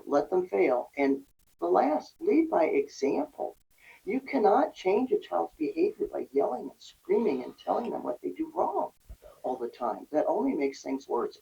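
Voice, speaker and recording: Speaking deep and dark with vocal fry, a woman guests on a podcast as a recovery and parenting coach. She gives earnest, conversational advice on parenting and resilience, acting out little scenes in quoted speech. The mic sounds distant, dull and lo-fi.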